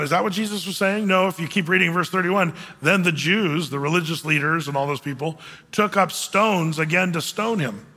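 A man's voice: high-pitched, bright, forceful tone, big-room sound. A man preaching a sermon, emphatic, acting out quotes in dramatic voices. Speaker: pastor.

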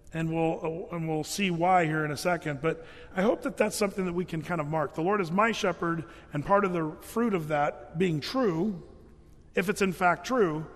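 A pastor delivers a sermon in a notably high, slightly bright voice, speaking loosely and conversationally with lots of fillers and restarts. A long reverb carries his words, as if he's filling a large hall.

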